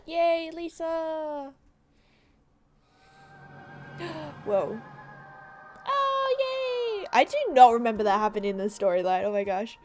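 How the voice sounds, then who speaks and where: A young woman hosting a let's play, commenting excitably with gasps and exclamations. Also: high-pitched, takes it slowly, long pauses, music in the background. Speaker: gaming channel host.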